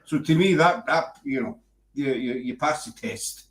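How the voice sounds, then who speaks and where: A man's voice: mid-range voice, a little slow, fairly bright tone, echoey room. A Scottish man hosting a casual show, teasing his guest and joking as he rambles. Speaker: host. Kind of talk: casual banter on a web show.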